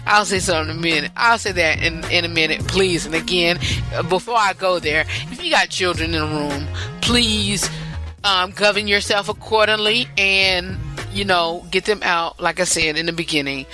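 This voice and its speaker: A woman's voice: on the low side, normal speed, sharp tone, soft background music. A woman hosting a podcast, talking in a rambling, chatty way, often repeating herself. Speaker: podcast host. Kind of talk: casual talk-show monologue.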